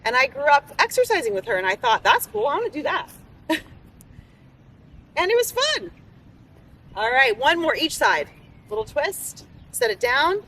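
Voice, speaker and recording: A woman's voice: high-pitched, very animated, moderate pace, gravelly, pauses often, a bit bright. A woman fitness instructor leading a live outdoor workout class on a beach, giving upbeat, encouraging cues. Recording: distant mic outdoors with faint background noise.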